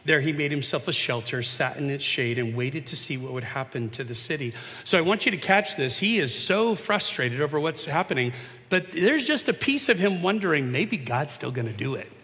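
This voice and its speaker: Man, pastor, conversational sermon, somewhat high voice, long hall reverb. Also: animated, normal speed. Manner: conversational preaching, big swings from hushed to emphatic.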